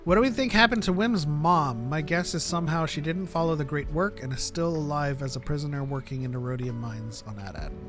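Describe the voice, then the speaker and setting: A man co-hosting a casual podcast, talking in an animated, jokey way. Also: on the high side, brisk, few pauses, music in the background. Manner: animated, jokey, acts out lines in silly voices. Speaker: podcast co-host. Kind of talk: casual chat.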